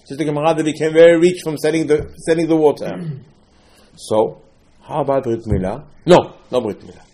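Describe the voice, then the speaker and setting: A religious teacher gives a Torah class as a lively, story-driven sermon, sprinkling Hebrew terms through his English. His voice is a little high and brisk, and he swings from loud bursts to quiet asides.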